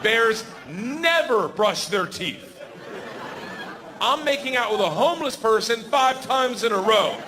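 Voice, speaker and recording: A man in his forties telling a stand-up story, animated and yelling his punchlines, on a stage mic. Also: very high voice, unhurried, a crowd in the background, background noise. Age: 40s. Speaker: stand-up comedian. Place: large comedy venue. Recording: live stage mic with hall reverb and faint ambience.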